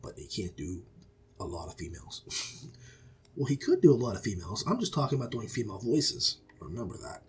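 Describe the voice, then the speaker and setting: A man's voice: on the low side, sing-song, a little fast, breathy edge. A middle-aged man hosting an audiobook review podcast, talking in a rambling, folksy, self-correcting way. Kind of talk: casual review monologue.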